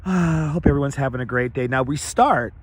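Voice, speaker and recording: A hoarse-voiced man hosting a live walking stream outdoors, rattling off viewer names and welcomes on a clip-on mic. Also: mid-range voice, fairly quick. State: scratchy, hoarse voice. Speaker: livestream host. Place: outdoors on city streets. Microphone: wireless clip-on mic.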